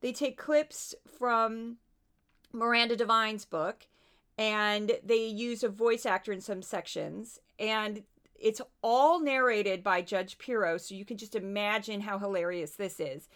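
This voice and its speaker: A woman with a Midwestern American accent hosts her podcast in casual commentary. Her voice is bright, and she talks in an animated, chatty way, full of asides. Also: mid-range voice, measured pace, clear, resonant tone. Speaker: podcast host.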